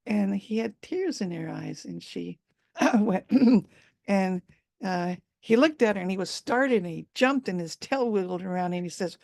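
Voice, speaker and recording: Woman storyteller, gravelly voice, live folk tale, unhurried, asides, dry close sound. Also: mid-range voice, a little mellow, no room sound.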